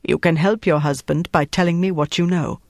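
A man's voice: a little high, fairly even intonation, brisk, creaky, no room sound, clean studio sound. A man narrating a novel voices a cold, menacing male German officer in a clipped, commanding tone.

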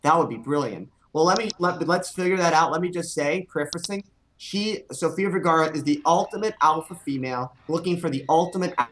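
A man's voice: fairly high pitch, a little fast, a bit bright, slight background noise. A man chatting casually, crude and emphatic, stretching out words for weight. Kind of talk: casual chat.

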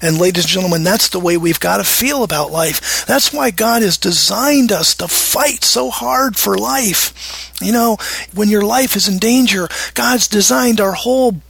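Middle-aged guy preaching, high-pitched and gravelly, gets loud and pleading when he acts out prayers. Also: normal speed, no echo. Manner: emphatic, dramatizes prayers in a raised pleading voice. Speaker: Bible teacher. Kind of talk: Bible teaching sermon.

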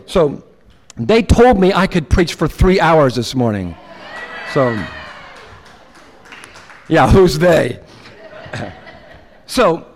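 A man who is a pastor, preaching a sermon in a casual, animated way and acting out quotes. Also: on the high side. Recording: long hall reverb.

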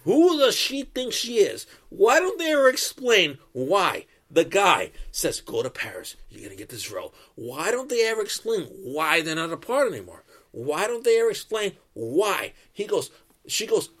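A man's voice: fairly high pitch, very animated, moderate pace, fairly bright tone. A man ranting as a co-host on a comedy podcast, profane and fired up.

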